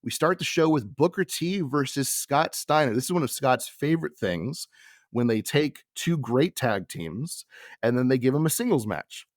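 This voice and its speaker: A man's voice: medium pitch, expressive, normal speed, no echo, studio quality. A man hosting a podcast, recapping an old broadcast from notes in an easy, chuckling way between casual opinions. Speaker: podcast host.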